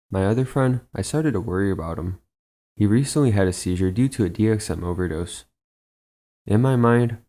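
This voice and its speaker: A man reading aloud a first-person story someone sent in, in an even, unhurried storytelling manner. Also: low voice. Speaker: channel narrator. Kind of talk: reading a submitted first-person trip report.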